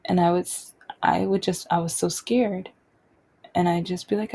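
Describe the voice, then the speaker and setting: A woman speaks in a dark, gravelly voice with a husky edge, keeping her pitch mostly flat. She talks unscripted and halting, often breaking off and restarting her sentences as she tells her own story. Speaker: podcast host sharing personal stories. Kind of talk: unscripted personal monologue.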